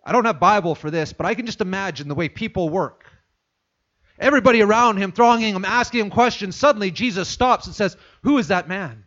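High-voiced preacher telling a story. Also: male voice, fast, a bit bright, muffled recording. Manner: storytelling, repeating phrases for emphasis. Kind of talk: sermon.

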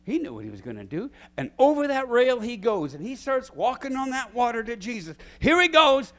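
A middle-aged man preaching a sermon to his small church, acting out scripture with big swings in pitch and loudness. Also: sing-song, fairly quick. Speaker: pastor.

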